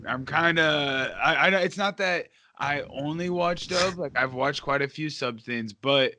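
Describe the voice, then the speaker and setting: A man's voice: on the high side, sharp tone, a little hiss or hum. A man hosting a casual podcast chat, rambling with lots of fillers and laughing often. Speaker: podcast host.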